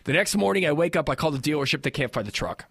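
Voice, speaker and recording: A young adult man co-hosting a casual podcast, telling a story with lots of swearing and quick imitations of the people he talks about. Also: fairly high pitch, vocal fry, breathy edge, no room sound, clean studio sound. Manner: animated storyteller, swears a lot, mimics people he quotes. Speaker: podcast co-host. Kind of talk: casual crude banter and storytelling.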